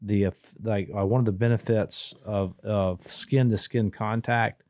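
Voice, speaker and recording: A man's voice: fairly low pitch, steady tone, measured pace, darkish tone, dry recording, studio quality. A man telling a long family story in casual podcast talk, full of restarts and quoted dialogue.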